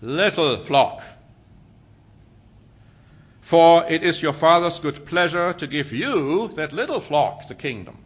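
A man's voice: fairly high pitch, expressive, moderate pace, hardly any pauses, slightly rough. A man preaching a sermon, reading scripture aloud and pressing his points with rhetorical questions and emphatic answers.

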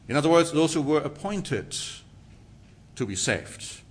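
A man's voice: on the high side, big pitch swings, unhurried. A man preaching a sermon, reading scripture aloud and pressing his points with rhetorical questions and emphatic answers.

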